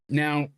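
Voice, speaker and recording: A man's voice: fairly high pitch, background noise. A man hosting a casual chat, recapping news in a rambling, hesitant way. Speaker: host.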